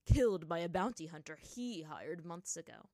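Brief: woman voicing a spiteful middle-aged male fighter in a story reading, sneering and loud. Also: low-pitched, normal speed, no room sound, studio quality, natural voice. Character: venomous middle-aged male water warrior.

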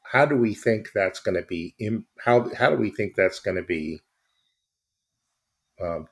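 Deep-voiced man asking a rambling question. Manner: rambling, questioning, self-mocking. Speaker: podcast co-host. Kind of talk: casual podcast chat.

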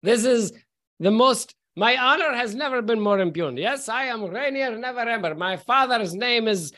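A man's voice: very high-pitched, animated, moderate pace, sharp tone, pitched above the performer's own voice, full character voice. Man doing a boastful drunk aristocrat, phony fancy accent, grand airs. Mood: indignant. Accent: put-on fancy accent. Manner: grandiose, indignant. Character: drunk pompous young nobleman, boastful swordsman.

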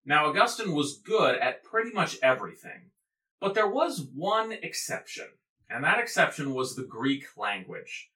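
Animated man giving a playful history lecture. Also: on the high side, a little slow. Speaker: podcast host explaining church history. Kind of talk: humorous scripted lecture. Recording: roomy echo, off mic, faint music.

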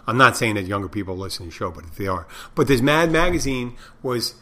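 A man's voice: medium pitch, lively intonation, fast, bright, forceful tone. A middle-aged man hosting a podcast, rambling through stories and crude jokes in a casual monologue. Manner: meandering storyteller, tells crude jokes. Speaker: podcast host.

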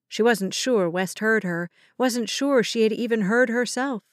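Casting: slow, measured woman audiobook narrator, fairly high voice, dry close sound. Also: no room sound. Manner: measured, dramatic storytelling. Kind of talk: scripted narration.

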